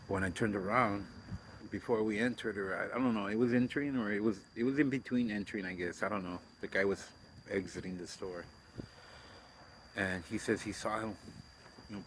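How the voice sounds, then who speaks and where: A man's voice: low-pitched, moderate pace, pauses often, background noise. A middle-aged man talking in a blunt, profane, rambling way, telling stories casually on his own show. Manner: blunt and profane, trailing off and restarting. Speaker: host of a self interview.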